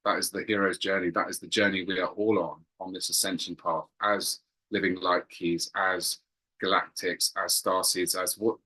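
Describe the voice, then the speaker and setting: A man's voice: low voice, flat delivery, moderate pace, sharp tone, low-quality recording. A man earnestly recounting a spiritual experience, often searching for words and repeating phrases. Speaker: guest telling a spiritual experience. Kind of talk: earnest personal storytelling.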